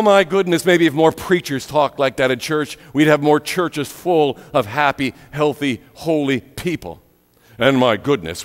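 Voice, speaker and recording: Exuberant preacher man in a reverberant church. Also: high-pitched. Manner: lively, exclaiming preaching with shouted punchlines. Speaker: pastor. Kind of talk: sermon. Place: church sanctuary.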